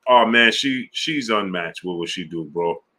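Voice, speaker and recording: A man hosting a sports live stream, chatting casually in slang and shouting out viewers by name. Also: lowish voice, expressive, a little slow. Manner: laid-back, slang-heavy, shouting out viewers. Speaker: sports channel host. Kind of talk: casual live-stream chat reading super chats.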